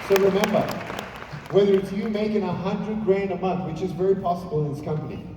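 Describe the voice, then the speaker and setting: A man giving an animated motivational speech from a stage, telling stories with playful asides to the crowd. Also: high voice, brisk, noisy background. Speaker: motivational speaker. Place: large hall on stage. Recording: echoey hall from far off.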